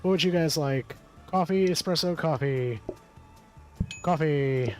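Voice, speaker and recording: A man with a voice on the high side streams a game at an unhurried pace, soft music playing behind him. He calls out orders aloud in casual commentary and swears when things get close.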